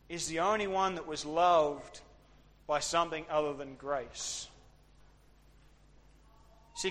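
High-voiced preacher in a reverberant hall. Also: male voice. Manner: playful, drops to soft earnest tones. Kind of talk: informal sermon with a youth group.

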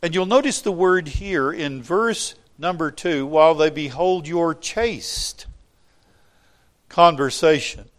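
A man's voice: fairly high pitch, slow pace, fairly bright tone. Man preaching a scripture sermon. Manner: expository preaching, reads scripture aloud, wry asides.

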